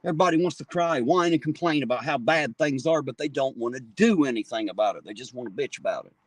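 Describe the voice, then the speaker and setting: Fast and mid-range, this man in his 40s rants furiously on a street livestream, swearing plenty as he talks into his phone outside. The audio has no echo.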